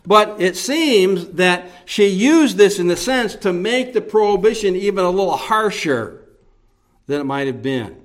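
Male preacher, unhurried expository sermon, slightly high voice, emphatic. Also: animated. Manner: slow, deliberate teaching with emphatic repetition.

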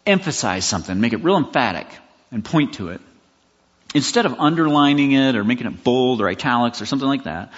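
A man's voice: medium pitch, husky. A man hosting a podcast, teaching a Bible passage in a conversational, emphatic way, asking himself questions as he goes. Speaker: pastor and podcast host. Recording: dull lo-fi sound with long reverb.

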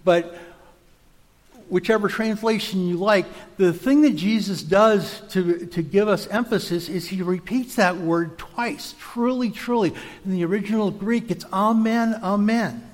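High-voiced man preaching in a hall. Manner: measured, explanatory, restarts words. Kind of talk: sermon teaching.

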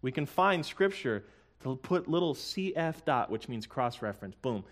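A man preaching a sermon in an earnest, conversational way, with joking asides and slowly sung hymn lines. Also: mid-range voice, big pitch swings. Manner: sings hymn lyrics slowly. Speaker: pastor.

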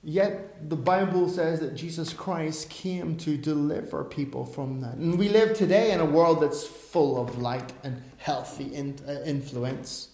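A man's voice: fairly high pitch, unhurried, hardly any pauses, dark tone. A middle-aged male pastor preaching a sermon, emphatic, with chatty asides and self-corrections. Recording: echoey room.

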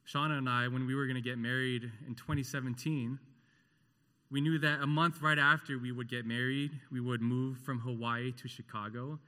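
A man preaching a sermon with impassioned delivery, rising to loud rhetorical questions and dropping to a hushed, tender tone. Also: medium pitch, fairly even intonation, moderate pace, in a large hall. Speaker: pastor.

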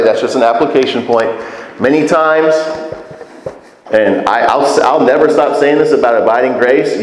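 Male pastor, conversational sermon, long room echo. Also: medium pitch. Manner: conversational, animated, asks the congregation questions.

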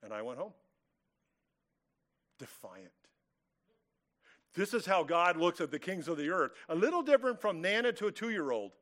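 A man with a somewhat high voice preaches a verse-by-verse sermon. He is from California and leans hard on key words, stretches phrases out slowly for weight, and throws rhetorical questions at his listeners. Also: big pitch swings, a bit bright. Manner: emphatic preaching with rhetorical questions and acted-out quotes. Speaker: pastor. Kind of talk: expository sermon.

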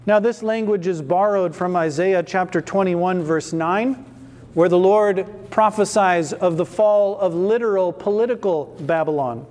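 A man's voice: high voice, unhurried, darkish tone. A man preaching an expository sermon, who asks rhetorical questions and answers them himself with emphatic repetition. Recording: long hall reverb.

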